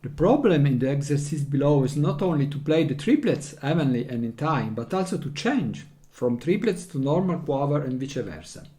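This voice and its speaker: A man's voice: fairly high pitch, lively intonation, moderate pace, hardly any pauses, warm tone. A man teaching a recorder lesson, explaining rhythm patiently and counting beats aloud. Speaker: music teacher.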